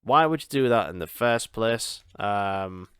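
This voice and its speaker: A man's voice: fairly low pitch, expressive, unhurried, fairly bright tone, clean tone, dry recording, studio quality. A young man, hosting a solo podcast in a casual, rambling way, repeating words and laughing often. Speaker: podcast host.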